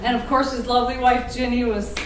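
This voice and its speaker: A woman's voice: on the high side, flat delivery, fairly quick, heavy background noise. A middle-aged woman giving a toast as mother of the groom, telling stories with frequent laughter. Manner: warm, laughing, storytelling. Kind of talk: personal toast speech. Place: large banquet room. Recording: echoey hall, far mic, loud crowd.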